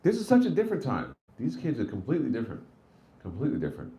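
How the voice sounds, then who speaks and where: A man in his forties doing a live stand-up set, a profane, animated storyteller who peppers his talk with "like" and "right?". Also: medium pitch, rapid-fire. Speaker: stand-up comedian.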